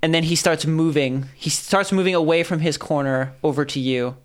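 A man's voice: a little high, normal speed. A man running a tabletop game as game master, narrating the action in a loose, rambling way with many fillers.

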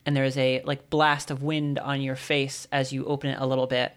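A man narrating as game master of a tabletop game, describing scenes with loose, relaxed hesitations. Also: medium pitch, fairly quick, clean tone.

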